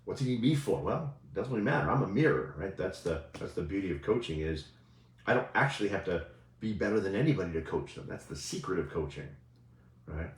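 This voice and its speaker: Animated low-voiced man in a roomy space. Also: fairly quick. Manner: conversational, keeps asking "right?". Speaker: coach. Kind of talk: casual motivational talk. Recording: roomy echo.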